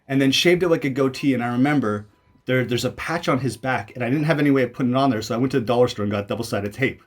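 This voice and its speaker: A man's voice: mid-range voice, racing. Rambling, self-mocking young man from Canada. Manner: rambling and self-mocking, many fillers and restarts. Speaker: YouTuber commenting on his own old video. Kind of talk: casual video commentary.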